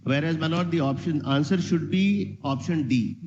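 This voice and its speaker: A man, an advocate making formal, deferential submissions to a judge in a courtroom. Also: on the high side. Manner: deferential, measured, says "my lord" constantly. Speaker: advocate arguing before a judge. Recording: muffled noisy courtroom audio.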